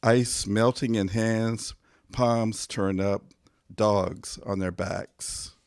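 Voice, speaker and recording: A man, a poet, reading his own poems aloud in a measured, deliberate way, pausing between phrases, his voice going hoarse. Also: lowish voice, steady tone, a little mellow, dry recording, clean studio sound. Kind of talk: poetry reading.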